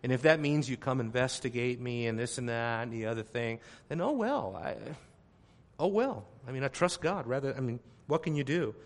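Preaching a sermon to his congregation, a man with a mid-range voice talks a little fast, hardly pausing. He's emphatic, repeats phrases to drive points home, and swings between quiet asides and loud exclamations.

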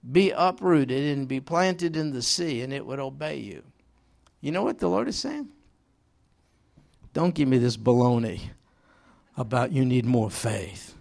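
Gravelly-voiced pastor preaching with humor. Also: male voice, a little high. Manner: animated storytelling with humor and acted quotes. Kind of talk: sermon.

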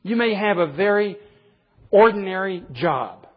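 A man preaching a conversational sermon, earnest, rising in pitch for emphasis and dropping to quiet asides. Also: lively intonation, measured pace, highs cut off.

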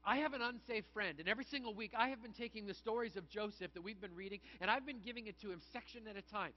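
A man with a high, light voice preaches a conversational sermon and slips into acted asides. The recording sounds dull and lo-fi. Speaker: pastor.

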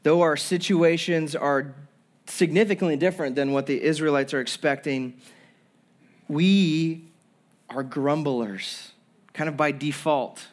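A man's voice: a little high, steady tone, moderate pace. A young man preaching a sermon as pastor, earnest, with frequent restarts and acting out people's complaints. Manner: earnest preaching with repeated restarts and acted-out quotes.

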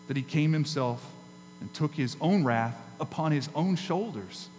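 A man preaching a sermon as pastor, emphatic, with dramatic pauses and rises in his delivery. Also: a little high, animated, a little mellow. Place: church sanctuary. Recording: hall reverb with faint mains hum.

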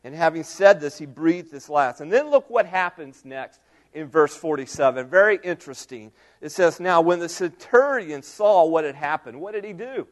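Middle-aged guy preaching, pretty high voice, goes big and loud then drops way down to almost a whisper. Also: lively intonation, moderate pace. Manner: dramatic storytelling, swings from loud cries to hushed near-whispers. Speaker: pastor. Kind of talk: sermon.

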